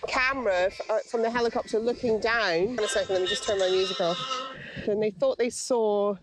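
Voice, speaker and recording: A woman's voice: mid-range voice, brisk. A woman in her forties chatting frankly with a friend out on a hillside, telling stories and swearing casually. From Scotland. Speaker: filmmaker. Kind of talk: casual chat. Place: outdoors on a hillside.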